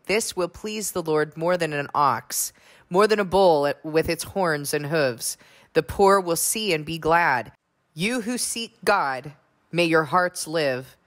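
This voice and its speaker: A woman's voice: sits low, a bit bright. A woman reading a psalm aloud and commenting on it, earnest and challenging her listeners with pointed questions. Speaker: Bible teacher.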